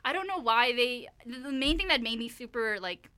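A woman's voice: fairly high pitch, moderate pace, smooth. A woman co-hosting a podcast, chatting casually and animatedly about a film she saw, with lots of fillers. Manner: animated, many "like" and "you know" fillers. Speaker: podcast co-host. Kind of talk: casual chat recapping a film.

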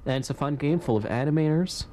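A man's voice: on the high side, quick pace, mellow, slight background noise. A man hosting a casual radio chat, joking and self-deprecating with his guests. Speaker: radio show host.

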